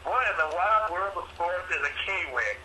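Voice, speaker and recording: A man's voice: sits high, animated, normal speed, a crowd in the background, low-quality recording. A man co-hosting a sports picks show in casual banter, joking and mock-indignant as he makes his picks.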